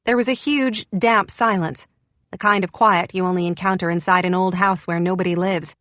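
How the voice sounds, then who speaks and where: A woman's voice: on the low side, fairly even intonation, moderate pace, fairly bright tone, dry recording. A woman reading an audiobook in a wry, descriptive narration. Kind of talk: scripted narration.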